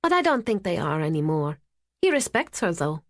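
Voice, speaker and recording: A woman's voice: on the low side, sing-song, normal speed, dry recording, studio quality. Woman doing a seductive whispering assistant, whispered role-play.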